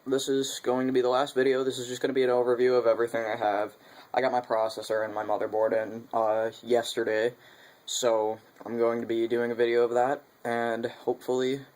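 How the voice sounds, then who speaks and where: A young man vlogging a casual, rambling overview of his computer parts, correcting himself and making sarcastic asides. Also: mid-range voice. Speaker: YouTube vlogger. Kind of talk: casual tech hardware overview.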